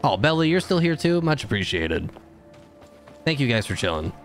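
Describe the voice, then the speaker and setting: A man chatting loosely with his livestream audience as he plays, his pitch bouncing around in a lively way. He bursts into loud shouts during fights, and faint game music sits underneath his voice. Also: fast. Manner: animated, shouts during fights, chats with viewers. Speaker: streamer. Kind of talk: casual gameplay livestream chat.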